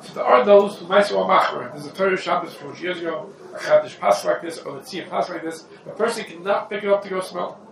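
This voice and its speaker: Man, high voice, rabbi's halacha class, casual asides, echoey room from afar. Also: gravelly, fairly bright tone. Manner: conversational, quick asides, Yiddish and Hebrew terms. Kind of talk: informal Torah lesson. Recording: roomy echo from a distant mic with faint background noise.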